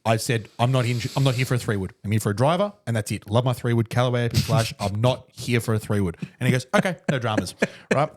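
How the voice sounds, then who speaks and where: A man's voice: medium pitch, fast talker, hardly any pauses. A young man, co-hosting a casual podcast, chatty and laughing through his stories. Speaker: podcast co-host. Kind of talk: casual chat.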